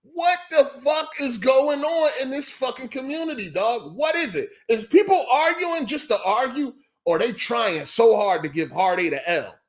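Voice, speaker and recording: A man's voice: extremely high pitch, lively intonation, moderate pace, few pauses. A man hosting a podcast, ranting in a heated, profane and repetitive way. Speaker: podcast host. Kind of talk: ranting solo podcast monologue.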